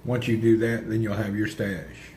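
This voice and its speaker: A man chatting casually on a livestream, rambling and answering his viewers' comments out loud. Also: fairly low pitch, flat delivery, normal speed, noisy background.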